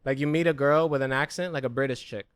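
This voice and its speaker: A man's voice: mid-range voice, quick pace, clear, resonant tone, no room sound. A man who is a comedian co-hosting a casual comedy podcast, telling crude jokes and acting out the people he quotes. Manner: crude joking storyteller, acts out quotes.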